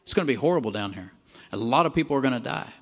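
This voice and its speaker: Man preaching a lively sermon. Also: medium pitch, rapid-fire. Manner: animated, calls for amens from the congregation; swings from emphatic to quiet and drawn out.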